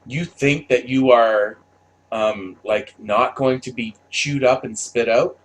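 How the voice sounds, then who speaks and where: A man's voice: mid-range voice, slow pace. A man delivering a heated, profanity-filled opinion rant, stammering and repeating himself as he talks. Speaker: commentator.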